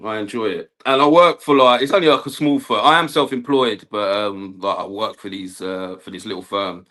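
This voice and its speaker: A man's voice: fairly low pitch, fairly quick, bright, forceful tone. A man, an electrician chatting casually on a livestream, laughing often and asking "do you know what I mean". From Kent, England. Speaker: guest electrician.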